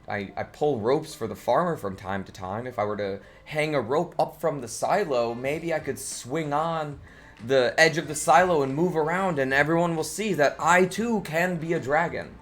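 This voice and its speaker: A man voicing a timid, hopeful male farm dog that talks softly and hesitantly, doubting himself, in an improvised bedtime story. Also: a little high, moderate pace, lightly acted. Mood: wistful. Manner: soft, hesitant, self-doubting.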